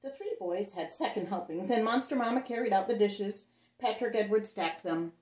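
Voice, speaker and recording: A woman's voice: medium pitch, moderate pace. A woman reading a picture book aloud to children, signing off in a friendly way at the end. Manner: warm, friendly sign-off to young listeners. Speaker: children's storytime reader. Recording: roomy echo.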